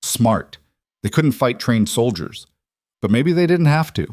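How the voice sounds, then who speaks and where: A man narrating a dramatic fantasy story in a steady, scripted storytelling read. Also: mid-range voice, unhurried, no echo, studio quality.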